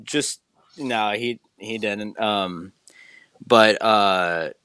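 Low-voiced, hesitant male guest. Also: extremely slow, bright, forceful tone, clear, resonant tone, no room sound. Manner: hesitant, many fillers and restarts. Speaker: podcast guest. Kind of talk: casual chat.

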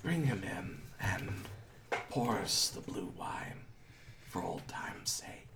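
A frail, ancient master on his deathbed speaks in a thin, breathy whisper, as a man puts him on. His voice sits low and slow, bright at the edges despite the weakness. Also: expressive, reverberant, recorded from a distance, exaggerated voice. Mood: weary. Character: frail dying old scaly-skinned man.

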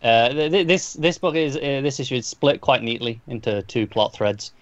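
A man's voice: mid-range voice, animated, moderate pace, no echo, dull audio. A man co-hosting a podcast, casually recapping a story at length with frequent restarts and repeated words. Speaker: comic book podcast co-host.

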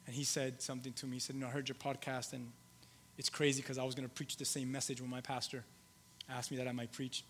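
A male pastor preaching a sermon, shifting between loud emphatic lines and soft, low storytelling, with halting restarts and repeated phrases. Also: level tone, a little hiss or hum. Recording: long hall reverb.

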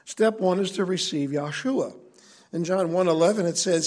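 Male preacher, sermon, high voice, husky, earnest, conversational. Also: moderate pace, a little mellow.

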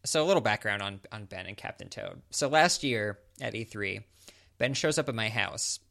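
A man co-hosting a casual podcast, telling stories in a relaxed way and often repeating words. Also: on the low side, normal speed, gravelly. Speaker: podcast co-host.

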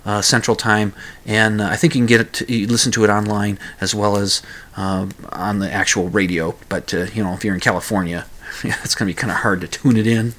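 A man's voice: fairly low pitch, fairly even intonation, fairly quick, fairly bright tone. A man hosting his own radio talk show, rambling casually with many hesitations, fillers and restarts.

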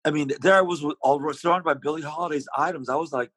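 A man's voice: on the high side, fairly even intonation, fast, fairly bright tone, slightly rough, no echo, low-quality recording. A man being interviewed, telling long rambling stories about his singing with many restarts. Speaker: interview guest, singer. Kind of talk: casual storytelling.

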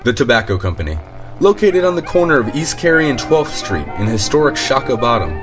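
A man reading a local radio advertisement in a measured way. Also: medium pitch, sing-song, over music. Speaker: ad announcer. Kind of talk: radio ad read.

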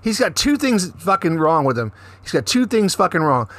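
A man telling a story in casual podcast chat, profane and animated. His voice sits a little high. The sound is dry and close. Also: moderate pace, no echo. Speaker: podcast co-host.

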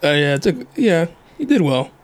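A man co-hosting a podcast in a loose, joking chat. His voice sits a little high and swings widely as he teases his co-host. He laughs through many of his lines. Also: very animated, moderate pace. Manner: joking, laughs often, mixes in Spanish words. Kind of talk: casual chat.

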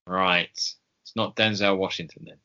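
A man co-hosting a podcast in casual chat, slow and hesitant with many ums and pauses. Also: sits low, flat delivery, bright, forceful tone, muffled recording. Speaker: podcast co-host.

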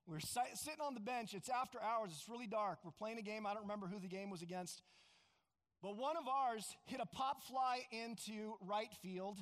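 A pastor preaching a sermon, animated and acting out quoted voices, sometimes with bursts of shouting. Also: male voice, high-pitched. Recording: hall with long reverb.

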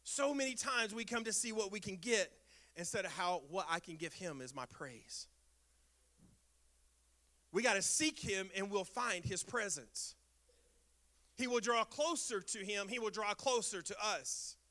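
Bright, high-voiced male pastor preaching. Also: animated, measured pace. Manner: emphatic preaching with repeated refrains, swinging between loud bursts and soft lines. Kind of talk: sermon.

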